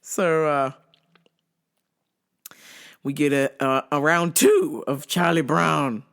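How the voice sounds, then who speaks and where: A woman hosting a show, telling a comic story in a profane, animated way and laughing often. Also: sits low, slow pace, vocal fry. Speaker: host.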